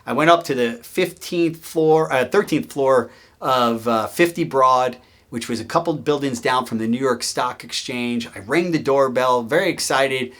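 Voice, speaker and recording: A man hosting his own show, telling a story about his career in a casual, animated way and acting out the people he quotes. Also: mid-range voice, moderate pace. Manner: animated, acts out quoted voices. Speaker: host.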